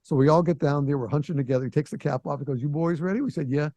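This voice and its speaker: Racing along, an older man in his sixties hosts a laid-back podcast and tells animated stories, acting out other people's voices. He has a somewhat high, warm, mellow voice, captured close and dry with no echo.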